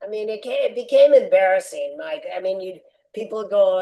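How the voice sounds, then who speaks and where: A woman's voice: medium pitch, normal speed, few pauses, low-quality recording. An older woman telling a long personal story as a podcast interview guest, acting out the voices of the people she quotes. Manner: lively anecdotal storyteller, acts out quoted voices.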